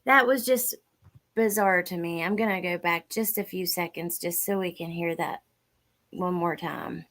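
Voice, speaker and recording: A woman's voice: lowish voice, measured pace, fairly bright tone. A woman hosting a livestream, reacting to an interview clip and reading out viewers' chat comments as she muses aloud. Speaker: livestream host.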